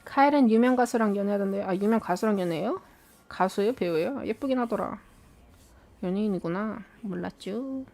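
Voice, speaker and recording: A woman's voice: medium pitch, rapid-fire, a little mellow. A woman hosting a live-stream watch party, chatting casually and answering viewer questions aloud. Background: faint background music.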